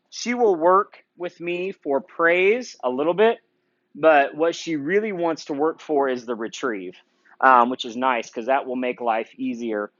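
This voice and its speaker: Man calmly explaining dog training. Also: medium pitch, dry recording, highs cut off. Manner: relaxed, frequent "um" fillers, sharp short commands to the dog. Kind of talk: training demonstration with commentary.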